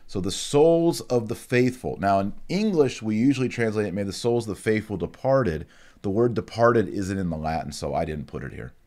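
A man with a very low, deep voice leads a relaxed video lesson on Latin prayers. He sounds out each word slowly and carefully, then drops into easygoing, chatty explanations. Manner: slow, careful enunciation of Latin words, chatty asides. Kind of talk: casual online lesson, reading and explaining prayers.

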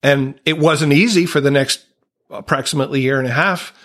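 A man's voice: medium pitch, a little fast, a bit bright. A man speaking as a podcast guest, earnest and reflective, candidly telling a personal recovery story and openly emotional at times.

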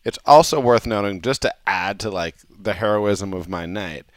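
A man's voice: fairly low pitch, moderate pace, dry recording, clean studio sound. A man from Canada, a guest on a casual podcast, telling stories in a self-deprecating way and laughing often.

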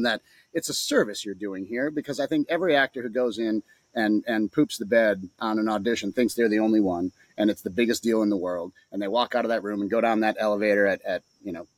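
A man's voice: on the low side, no room sound. A man who works as an actor, guesting on a casual outdoor podcast and telling stories in an easygoing way. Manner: animated, easygoing storyteller. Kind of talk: casual chat. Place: backyard deck, outdoors.

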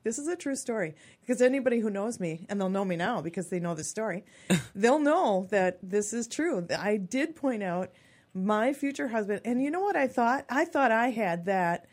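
Woman, 50s, radio guest, chatty and expressive storyteller. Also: mid-range voice, moderate pace. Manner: chatty and expressive, acts out quotes in lively voices. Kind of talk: personal storytelling on a radio talk show.

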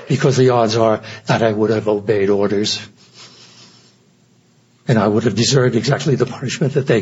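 A man's voice: on the low side, highs cut off. An older man giving an earnest, reflective personal talk at a recovery meeting. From United States. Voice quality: very husky.

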